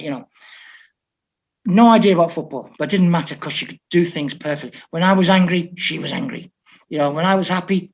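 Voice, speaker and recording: A man from England, a football coach, telling stories in an interview and acting out the dialogue of the people in them. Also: on the high side. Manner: lively storyteller who quotes others in dialogue. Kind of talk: conversational anecdote telling. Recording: slightly dull lo-fi audio.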